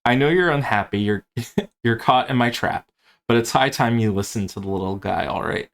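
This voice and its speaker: A man's voice: on the low side, moderate pace, close to an everyday voice. A man voicing a brash, paranoid man cursed to be a spider, who is blunt and sweary as he taunts a captive. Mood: taunting.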